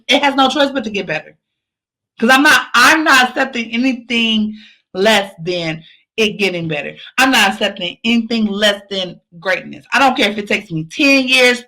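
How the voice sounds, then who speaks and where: A woman's voice: on the high side, lively intonation, normal speed, bright, forceful tone. A woman podcast host giving an emphatic motivational pep talk, repeating phrases for emphasis.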